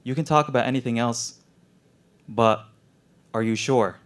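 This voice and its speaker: A young man voicing a gentle grieving war-zone doctor. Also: mid-range voice, measured pace, lightly acted. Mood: gently probing. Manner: gentle, quietly probing.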